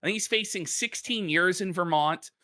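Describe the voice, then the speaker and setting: A woman's voice: on the low side, moderate pace, sharp tone. A woman hosting a live stream, telling a story in casual commentary, laughing and swearing as she goes. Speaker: streamer host.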